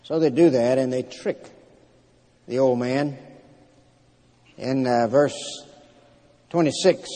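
A man preaching a sermon, retelling scripture in a plain storytelling way with frequent pauses and fillers. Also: medium pitch, mellow. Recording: long hall reverb.

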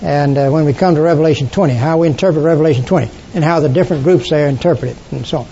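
An older man leads a Bible study class in a somewhat high, mellow voice. He halts often, filling pauses and clearing his throat. The recording is dull and lo-fi, with a faint rumble underneath. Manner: halting, many uh fillers and throat clearing.

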